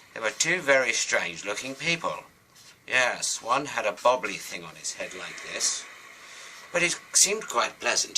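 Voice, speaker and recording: A man's voice: medium pitch, bright, forceful tone, a little hiss or hum, low-quality recording. A British man telling a children's story while he draws and colours, with rambling, chatty asides.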